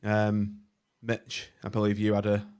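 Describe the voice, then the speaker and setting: A man's voice: fairly low pitch, monotone, unhurried, a little mellow, clean tone. A man hosting a casual podcast chat, speaking hesitantly with many fillers. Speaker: podcast host.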